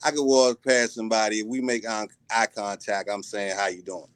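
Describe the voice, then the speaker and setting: A man's voice: lowish voice, steady tone, a little fast, clean tone, dry recording. A man talking as a guest in a casual live-stream chat, laid-back, often stammering and restarting. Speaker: guest and musician.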